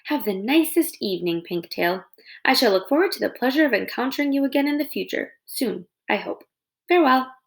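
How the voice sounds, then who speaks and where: A woman's voice: on the high side, animated, a little fast, gravelly. A woman reading a stiff polite robot. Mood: formal. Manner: formal, overly polite, literal. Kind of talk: reading a children's novel aloud.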